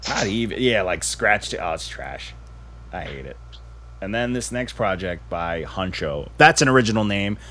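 A lower-voiced man chatting on a podcast, swearing freely and joking around. He drops into little put-on quotes while telling stories. A faint hiss of noise sits under the voice. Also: normal speed. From Haitian family. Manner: profane, joking, animated storyteller. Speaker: podcast host. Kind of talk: casual chat.

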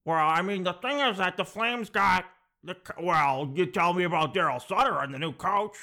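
A man's voice: sits high, pushed and bright, voice pushed up. A man voicing a rambling regular at a coffee shop who goes on about hockey. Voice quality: rambling, halting.

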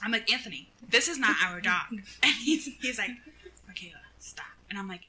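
A young woman co-hosting a casual chat, telling a story in an animated way and acting out what people said. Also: medium pitch, a little fast, poor audio. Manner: animated storyteller, acts out quotes, laughs often. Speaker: podcast co-host.

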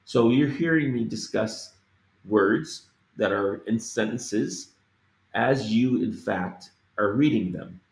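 A man teaching Spanish phrases, repeating each one slowly and carefully with every letter spoken, in a deliberate lesson manner. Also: on the low side, creaky, reverberant.

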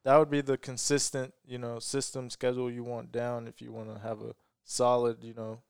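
A man's voice: mid-range voice, flat delivery, brisk, gravelly, clean tone, no echo, clean studio sound. A man who runs a lawn care business, chatting casually and explaining step by step with lots of fillers. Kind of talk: casual chat.

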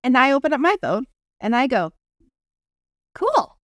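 Brief: woman co-host, middle pitch, loose rambling talk, hunts for words. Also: lively intonation, quick pace, fairly bright tone, no echo, clean studio sound. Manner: rambling, searches for words, casual swearing. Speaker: podcast co-host. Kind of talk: casual chat.

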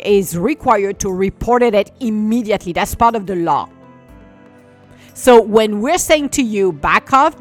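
A woman in an indignant, scolding rant to camera, with slightly non-native English phrasing. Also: a little high. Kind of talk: ranting monologue to camera.

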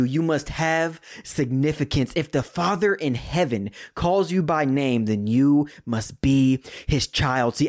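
A man hosting a podcast sermon, animated and lively, jumping high for jokes and sinking to hushed emphasis. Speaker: podcast host and preacher.

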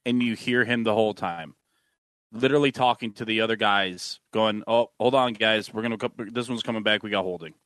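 A man's voice: fairly low pitch, a bit bright, smooth, no room sound. Blunt, profane male podcast co-host. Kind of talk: casual sports chat.

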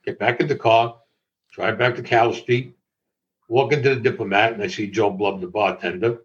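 A man's voice: lowish voice, fairly even intonation, normal speed. An older man, an interview guest recounting a personal story in a matter-of-fact way and acting out other people's lines. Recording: dull lo-fi audio.

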